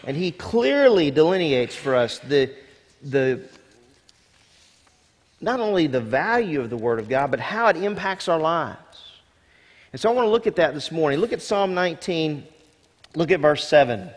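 A man's voice: on the high side, sing-song, normal speed, long pauses. A male senior pastor preaching a sermon in a church, emphatic, repeating key words and asking rhetorical questions. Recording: long hall reverb.

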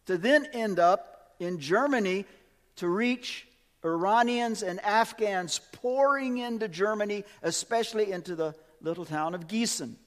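A man preaching a sermon with emphasis, swinging from quiet asides to loud, lively peaks. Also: high-pitched, in a large hall.

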